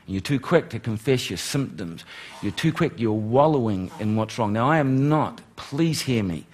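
A middle-aged man preaching a sermon, animated, swinging from loud exclamations to hushed, pleading lines. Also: mid-range voice, moderate pace, slightly rough. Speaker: pastor.

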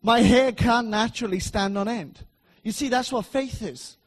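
A middle-aged man preaching a sermon in a church, emphatic and repetitive, swinging between loud declarations and soft asides. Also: very high voice, moderate pace.

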